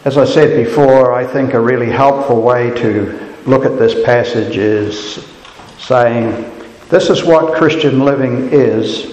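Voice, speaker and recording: A man's voice: medium pitch, a little mellow. A man preaching a sermon in an earnest, reflective way. He lifts his voice sharply whenever he quotes a cry of despair. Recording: echoey hall with long reverb.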